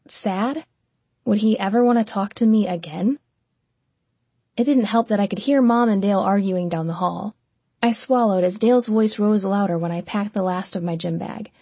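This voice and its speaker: A woman narrating an audiobook in the first person, with an even, measured reading and close miking. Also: medium pitch, breathy edge, dry recording.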